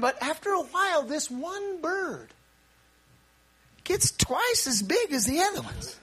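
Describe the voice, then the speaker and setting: High, lively male preacher. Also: slow, slightly rough. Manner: animated preaching with repeated restarts and occasional shouts. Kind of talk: sermon.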